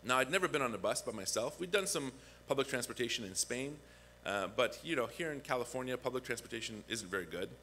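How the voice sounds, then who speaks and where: Bright-voiced pastor telling a story. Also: male voice, medium pitch, fast talker, slight background noise. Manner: conversational, animated when acting out quotes. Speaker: guest pastor. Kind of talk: sermon with storytelling. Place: church.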